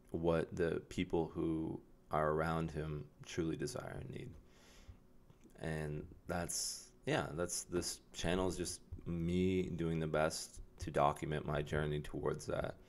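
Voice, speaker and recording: A young man with an extremely low, rumbling voice speaks in a near-monotone, barely rising or falling. He rambles casually to the camera, pausing on fillers and restarting his sentences as he searches for words. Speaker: vlogger. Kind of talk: casual self-reflective vlog.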